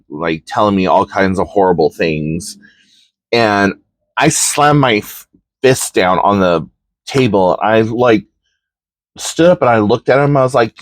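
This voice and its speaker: A man's voice: deep voice, no echo. A man hosting a podcast, telling a personal story in a candid, reflective way with frequent ums and likes. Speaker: podcast host.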